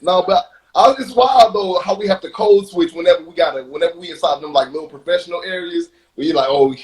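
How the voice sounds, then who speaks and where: A man hosts a relaxed talk show, his voice pitched unusually high for a man. He reacts eagerly and laughs easily as he encourages his guest. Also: fast talker, low-quality recording. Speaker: podcast host. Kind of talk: casual interview chat.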